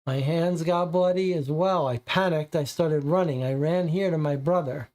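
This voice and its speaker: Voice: mid-range voice, a little mellow, natural voice. A reader voicing a nervous, frightened teenage boy witness who stammers and stumbles over his words. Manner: halting, stammering.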